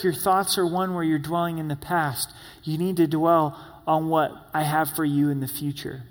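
Slow-speaking pastor in a reverberant hall. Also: male voice, on the high side. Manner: earnest, repeats key words for emphasis. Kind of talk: sermon.

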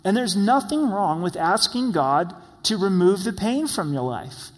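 A man's voice: sits high, expressive, unhurried. Earnest male pastor preaching in a hall. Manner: earnest preaching with acted-out quoted prayers. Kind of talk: sermon. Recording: long reverb of a large hall.

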